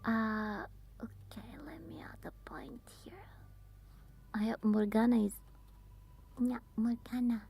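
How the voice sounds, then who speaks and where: A woman whispering as an ASMR streamer, chatting softly and haltingly with her viewers. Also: on the high side, steady tone, slightly rough. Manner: halting, with many fillers. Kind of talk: whispered ASMR livestream chat.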